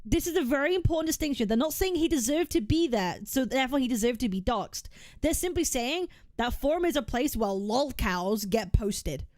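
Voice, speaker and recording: A woman's voice: sits high, animated, moderate pace, a little mellow, no room sound, studio quality. A woman streamer making a heated, argumentative case on stream, emphatic and often repeating herself. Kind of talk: heated reaction rant.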